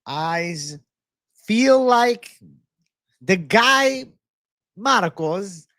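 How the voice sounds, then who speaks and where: Casting: a man hamming up a silly foreign accent, pitched way up, dry close sound. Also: animated, extremely slow, bright, forceful tone, dry recording, heavily acted. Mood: clowning. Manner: exaggerated, clowning, broken English. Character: jokey man with a hammy put-on foreign accent.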